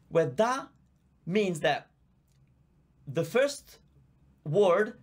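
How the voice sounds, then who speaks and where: During a live online Q&A, a high-pitched male teacher, Italian by birth and accent, reads out comments from viewers. He chats and explains patiently, his microphone visible on screen.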